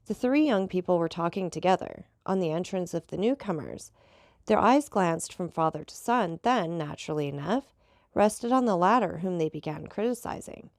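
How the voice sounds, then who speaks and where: A woman's voice: lowish voice, animated, normal speed, darkish tone, no echo, clean studio sound. Woman reading a classic novel aloud. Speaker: audiobook reader. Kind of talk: scripted narration.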